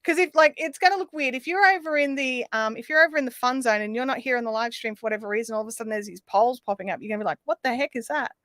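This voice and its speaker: Bright-voiced woman chatting live. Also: a little high, very fast, hardly any pauses, no room sound, clean studio sound. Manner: chatty, reads out and answers chat comments; rambling with frequent ums and restarts. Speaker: livestream host. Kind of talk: casual live-stream chat.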